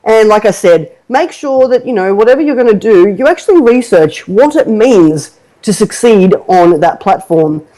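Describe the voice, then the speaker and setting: A woman hosts a casual marketing podcast, giving advice in a chatty, animated way full of fillers and laughter. Her voice is mellow and warm, at a medium pitch. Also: normal speed, few pauses, low-quality recording. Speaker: podcast host, marketing coach. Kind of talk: casual chat.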